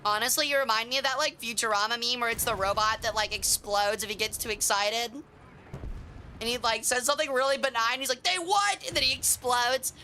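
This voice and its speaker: Bright, excitable woman streamer. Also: on the high side, a little fast, a little hiss or hum. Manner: excitable, swears, chats with viewers. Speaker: game streamer. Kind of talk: casual live gameplay commentary.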